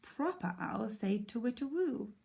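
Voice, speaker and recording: A woman's voice: a little high, very animated, measured pace, creaky, a little mellow, heavily acted. A woman voicing a bossy young schoolgirl who talks in a superior, know-it-all manner. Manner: superior, matter-of-fact.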